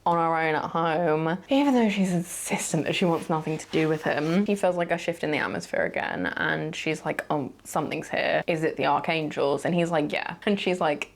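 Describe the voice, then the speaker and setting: Woman with a low voice doing a chatty sarcastic book recap. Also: fairly quick, few pauses. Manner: chatty, sarcastic asides, lots of "like". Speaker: book reviewer.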